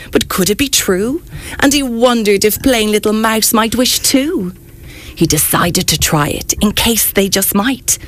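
A woman reading a rhyming Christmas picture book aloud on a radio show, in a gentle, rhythmic storytelling manner. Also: mid-range voice. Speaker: guest reader.

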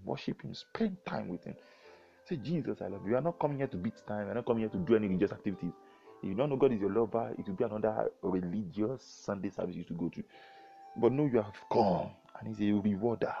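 A man's voice: fairly low pitch, creaky, dark tone, highs cut off. A man preaching and praying fervently, pleading with his listeners, at times speaking in tongues. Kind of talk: devotional sermon and prayer.

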